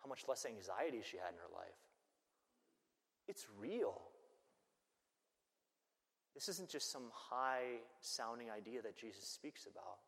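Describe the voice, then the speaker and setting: A man, a Catholic priest, preaching a sermon and telling stories in an animated way. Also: medium pitch, unhurried, creaky, pauses often. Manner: animated storytelling that acts out the people it quotes. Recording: long church-hall reverb.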